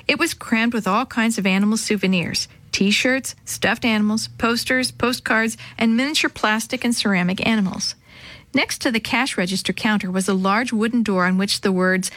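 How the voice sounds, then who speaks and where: A woman reading a children's story aloud in a clear, even narration. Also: mid-range voice, dry recording. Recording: dry close sound.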